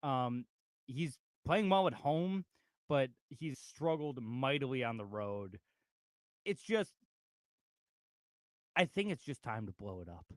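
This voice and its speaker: Lively sports radio host, man. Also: medium pitch, takes it slowly, long pauses, no room sound, studio quality. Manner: animated, reads out chat comments. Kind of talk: casual sports talk.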